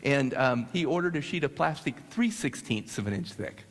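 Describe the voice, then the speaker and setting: A man from the United States telling a story to an audience, animated and halting with restarts. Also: mid-range voice. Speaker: speaker. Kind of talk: storytelling talk. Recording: long hall reverb.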